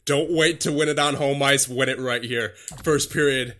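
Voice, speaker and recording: A man's voice: mid-range voice, fairly even intonation, normal speed, hardly any pauses, a bit bright. A young man commentating his own hockey video game, out of breath, nervous and pleading, calling the plays like a broadcaster. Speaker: gaming YouTuber playing a hockey franchise.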